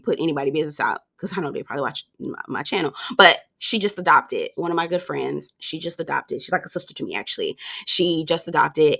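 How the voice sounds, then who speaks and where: A woman reviewing a reality show in a casual, animated, gossipy way, talking straight to her viewers. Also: gravelly. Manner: animated and gossipy, acting out quoted people in a high voice.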